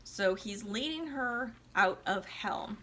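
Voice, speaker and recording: Casting: tipsy woman vlogger, sarcastic storyteller, lively and bright. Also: mid-range voice, takes it slowly, a little hiss or hum. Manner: chatty, slangy, sarcastic asides. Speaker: vlogger reviewing opera. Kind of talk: casual comic retelling.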